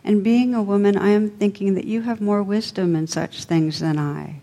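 An earnest, devoted young knight speaks with feeling, as a woman reading a storybook puts him on. The tone is dark and mellow, and the voice rings in a long hall reverb. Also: medium pitch, steady tone, normal speed, lightly acted. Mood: tender.

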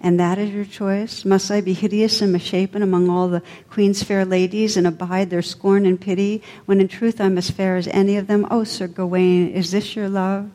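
A woman voicing a soft-spoken enchanted lady. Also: mid-range voice, little pitch movement, normal speed, few pauses, natural voice. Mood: pleading. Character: enchanted young noblewoman, gentle and wise. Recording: long hall reverb.

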